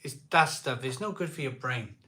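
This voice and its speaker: Drinking beer live on stream, this middle-aged Welshman from South Wales jokes through replies to viewer comments in a relaxed chat. He speaks at a moderate pace in a medium pitch that sounds pushed and bright.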